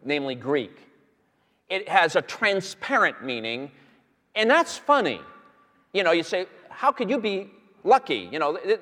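A man teaching on a Bible passage to a live audience, telling it as an animated story with many fillers and restarts. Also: a little high. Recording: long hall reverb.

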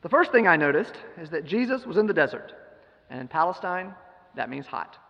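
A male preacher delivers a storytelling sermon and keeps asking the congregation rhetorical questions. His voice is somewhat high and gravelly. A long church reverb hangs on the dull, lo-fi recording. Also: sing-song, brisk.

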